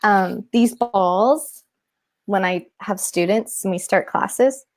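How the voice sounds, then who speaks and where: A woman guest who teaches mindfulness to children, explaining techniques in an animated way in a casual interview. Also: medium pitch, slow. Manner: animated, demonstrates with props and breathing.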